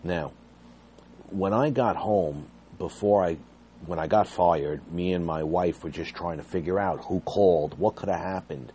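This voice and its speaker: Man, low mellow voice, earnest and agitated personal storytelling. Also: measured pace, a little hiss or hum. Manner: earnest, agitated retelling with rising intensity. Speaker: fired behavior therapist telling his story.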